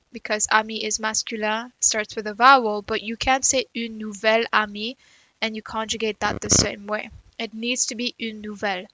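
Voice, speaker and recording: A woman's voice: a little high, sharp tone, no room sound, rough recording. A woman teaching a French grammar lesson in English, explaining step by step and checking in with "right?" and "okay". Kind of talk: recorded grammar lecture.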